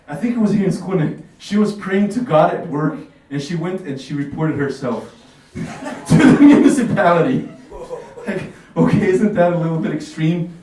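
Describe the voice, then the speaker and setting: A man's voice: high-pitched, lively intonation, normal speed, dark tone, a little hiss or hum. A man from Bosnia performs stand-up comedy in a small café. He talks casually and keeps laughing at his own jokes. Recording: echoey café from far off.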